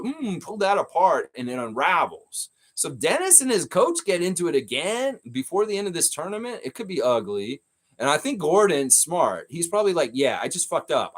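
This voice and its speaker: A man hosting a live stream, talking in a casual, rambling way and answering comments from the chat. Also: mid-range voice.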